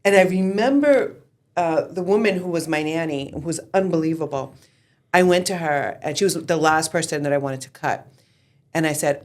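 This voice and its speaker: Animated woman telling candid stories. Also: low-pitched, moderate pace. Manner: animated, swears freely, laughs while telling stories. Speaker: real estate team founder, guest. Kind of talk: candid interview storytelling.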